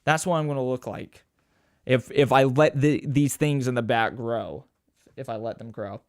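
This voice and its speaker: In a dry, clean studio recording, a young solo podcaster talks at a moderate pace with a medium-pitched voice. His casual chat is rambling and full of swearing and self-mockery, and he gets lively, mimicking people with a raised voice.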